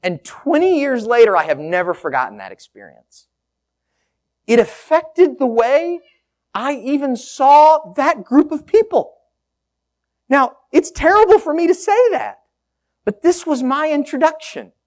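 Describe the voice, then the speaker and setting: Middle-aged guy preaching a sermon, slow and lively, pitch all over the place. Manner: slow, lively, rising and falling delivery. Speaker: pastor.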